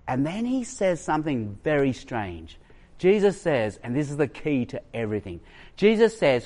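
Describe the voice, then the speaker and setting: Aussie guy preaching, high voice, super lively, does little voices for quotes. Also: normal speed. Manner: animated, acts out quoted voices. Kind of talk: sermon.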